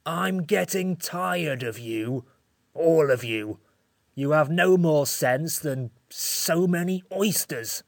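A man's voice: a little high, animated, takes it slowly, creaky, no echo, clean studio sound, heavily acted. A man voicing a grumpy, sleepy sand-fairy creature in a storybook reading, cold and scolding in manner.

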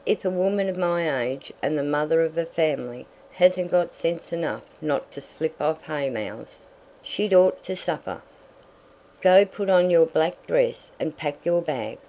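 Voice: mid-range voice, a little slow, warm tone, natural voice, rough recording. A reader voicing a stoic, plain-spoken farm mother in an audiobook, firm and direct. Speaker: story character. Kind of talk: audiobook reading.

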